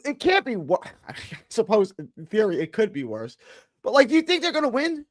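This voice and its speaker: High, lively-voiced man ranting exasperatedly. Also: a little fast, dry recording. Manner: exasperated, ranting with many stammered restarts. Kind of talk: casual sports talk.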